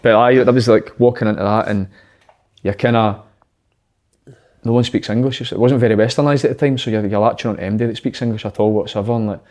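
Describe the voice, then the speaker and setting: A Scottish man, a former footballer, telling stories in casual podcast chat, animated and laughing between put-on quotes. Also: lowish voice, fast.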